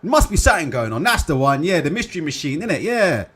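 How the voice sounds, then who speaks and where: Reading viewer comments on his live stream, a young man rants in a fast, very animated way, swearing constantly and dropping "innit" and "yeah" throughout. He has a rather high, slightly bright voice with a breathy edge.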